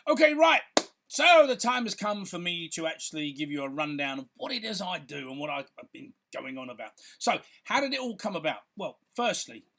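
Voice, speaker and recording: A man's voice: fairly high pitch, very animated, fairly quick, a bit bright, soft background music. Chatty man rambling to camera. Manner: rambling and chatty, with frequent fillers and restarts. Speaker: filmmaker and content creator. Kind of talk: casual talk to camera.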